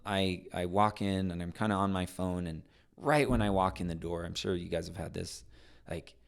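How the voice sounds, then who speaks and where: Man, middle-aged, very deep voice, podcast guest, animated storyteller, restarts sentences. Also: moderate pace, creaky, clear, resonant tone. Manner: animated, acts out voices in anecdotes; frequent restarts and trailing phrases. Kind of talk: storytelling in conversation.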